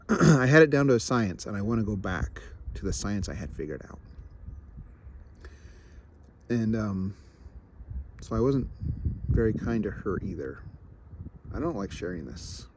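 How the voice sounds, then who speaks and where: A man's voice: on the low side, animated, moderate pace, long pauses, dark tone, slight background noise. A young man reflecting candidly in a personal vlog, self-deprecating, often restarting and repeating himself. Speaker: vlogger.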